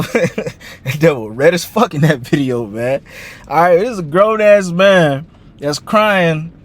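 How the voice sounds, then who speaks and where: A man with a fairly high voice preaching in a loose, conversational way. He tacks "man" and "all right" onto almost every phrase and stumbles through repeated words as he talks. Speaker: online commentator and preacher. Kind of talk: casual scripture-based commentary.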